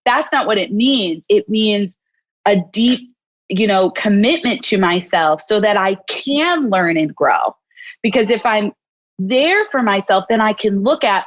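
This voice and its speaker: A woman clinical psychologist speaking as an interview guest, in a voice of ordinary pitch for a woman. She explains her ideas reflectively and acts out short bits of inner dialogue. The recording sounds dull and lo-fi. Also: expressive, unhurried. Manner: reflective, explains with acted-out self-talk, often adds "right?". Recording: dull lo-fi audio.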